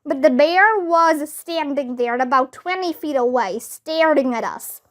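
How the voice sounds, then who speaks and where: Lively woman reading a children's book. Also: high voice, a little slow. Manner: lively, expressive, voices characters with squeals. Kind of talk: children's book read-aloud.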